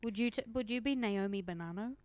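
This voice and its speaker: Chatty woman, smooth voice. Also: medium pitch, fast talker, darkish tone, no echo, faint music behind. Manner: chatty, joking, trails off mid-sentence. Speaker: podcast co-host. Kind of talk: casual chat recapping a reality show.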